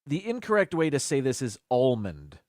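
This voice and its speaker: A man's voice: fairly low pitch, very animated, moderate pace, dry recording, clean studio sound. A man hosting a casual live stream by himself, chatting as he thinks aloud. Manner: chatty, muses aloud about word pronunciations.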